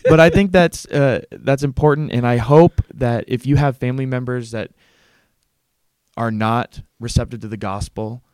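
A man's voice: mid-range voice, normal speed, a little mellow, clear, resonant tone, no echo. A male pastor in a casual podcast chat who closes with encouraging words to listeners.

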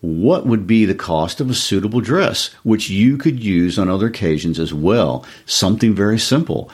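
A man's voice: fairly low pitch, expressive, moderate pace, darkish tone, husky. A man reading aloud and voicing a kindly husband who speaks in an earnest, pleading way, anxious to please his wife. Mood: eager.

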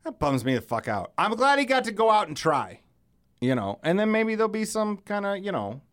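A man hosting a podcast, telling loud, animated stories in casual chat and swearing freely. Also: high voice, brisk. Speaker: podcast host.

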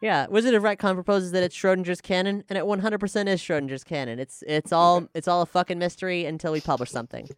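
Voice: medium pitch, fairly even intonation, quick pace, hardly any pauses, clean tone, no echo, clean studio sound. A podcast host and game master chatting casually, rambling with restarts and swearing freely.

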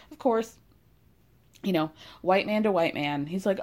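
Woman, casual recap, animated, gossipy, quick to laugh. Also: medium pitch.

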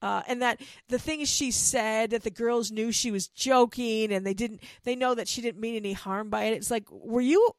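A woman's voice: on the high side, moderate pace, few pauses, no room sound. Chatty woman gossiping, dry close sound. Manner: animated, gossipy, laughs often, acts out quotes. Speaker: reality TV recap commentator. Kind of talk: casual chatty recap.

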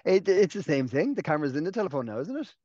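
A man's voice: a little high, expressive, racing, darkish tone, muffled recording. An Irish man co-hosting a podcast in casual chat, teasing and jokey. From Ireland. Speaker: podcast co-host.

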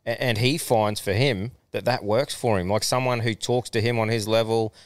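A man's voice: fairly low pitch, steady tone, normal speed, dry recording. A man with an Australian accent hosting a podcast, chatting casually, laughing often and swearing freely. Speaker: podcast host. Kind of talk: casual chat.

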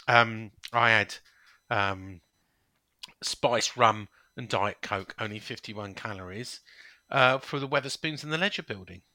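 Man, very bright tense voice, dry close sound, rambling co-host. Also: fairly low pitch, slow pace, pauses often, no room sound. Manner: anecdotal, rambling storyteller. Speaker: podcast co-host. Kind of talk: casual chat.

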